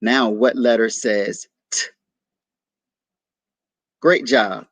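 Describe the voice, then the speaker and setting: A man teaching young children a phonics lesson, sounding out letters slowly and patiently and praising their answers. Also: medium pitch, no room sound.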